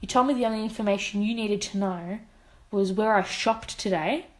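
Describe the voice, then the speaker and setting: A woman's voice: medium pitch, moderate pace. A young woman in her twenties with an Australian accent, co-hosting a casual podcast chat and acting out the voices in her stories. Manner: animated storyteller who acts out quoted voices. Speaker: podcast co-host.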